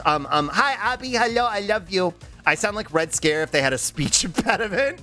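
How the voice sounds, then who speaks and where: Animated high-voiced young man streaming. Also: faint music behind. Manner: rambling, swears freely, drops into quick voice impressions. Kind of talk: casual livestream chat.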